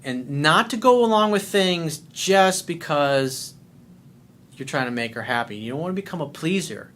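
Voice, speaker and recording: A man's voice: fairly high pitch, expressive, moderate pace, a bit bright, slight background noise. A man working as a dating coach, answering a listener's letter in a blunt, profane way and acting out little scenes.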